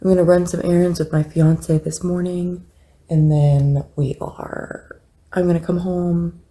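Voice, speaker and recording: A young woman chatting casually in a reading vlog, expressive and talkative. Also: fairly low pitch, measured pace. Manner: chatty, expressive, drifts into soft tearful reading. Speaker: book vlogger.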